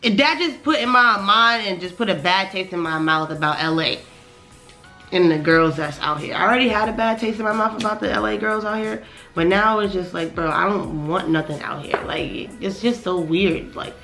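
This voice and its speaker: A woman with a bright, forceful voice tells a storytime to camera, slangy and full of swearing. She sounds annoyed and keeps asking "you know what I'm saying?" Faint music plays underneath. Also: mid-range voice, normal speed, gravelly. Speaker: vlogger telling a story. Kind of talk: casual storytime monologue.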